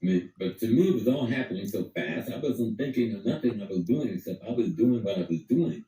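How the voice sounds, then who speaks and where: A man's voice: on the low side, animated, fairly quick, warm tone, echoey room, recorded from a distance, rough recording. An older man from Harlem, New York, telling a vivid story in conversation and acting out the quoted dialogue. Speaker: guest storyteller.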